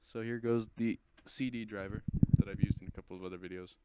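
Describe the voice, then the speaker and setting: A man's voice: fairly low pitch, steady tone, fast, warm tone, a little hiss or hum. A teenage man hosting, rambling casually and correcting himself as he comments on an install. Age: teens. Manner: chatty, rambling, self-correcting. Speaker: host. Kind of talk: casual commentary over a screen recording.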